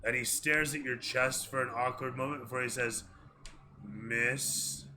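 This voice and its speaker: Guy doing an old shopkeeper, polite, bit hesitant, bright tone. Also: medium pitch, fairly even intonation, a little slow, a little hiss or hum. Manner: courteous and hesitant.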